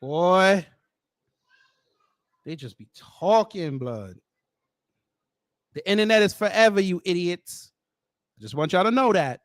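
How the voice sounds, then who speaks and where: A man hosting a commentary show, reacting in a mocking, slangy and animated way. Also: sits high, takes it slowly, pauses often, no echo.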